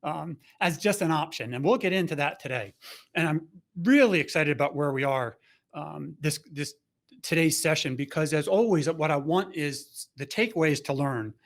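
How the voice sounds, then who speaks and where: Male host, fairly high voice, rambling, halting, video call. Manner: rambling, halting, many restarts. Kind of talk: casual webinar hosting.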